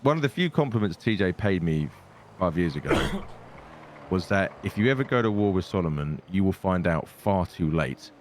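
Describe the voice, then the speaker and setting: A man's voice: low voice, big pitch swings, normal speed, a little hiss or hum. A man speaking in character in a game role-play, dry and scheming, often calling others mate. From Britain.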